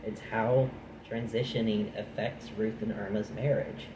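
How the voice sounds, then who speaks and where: A man's voice: fairly low pitch, little pitch movement, unhurried. A man reading a nonfiction book aloud, breaking off into chatty, dry asides of his own. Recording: echoey room with noise.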